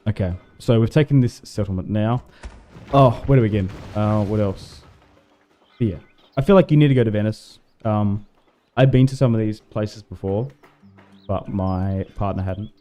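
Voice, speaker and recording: A man's voice: lowish voice, moderate pace, warm tone, soft background music. A man chatting casually with his stream while playing a strategy game, rambling with fillers and laughs. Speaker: livestream gamer.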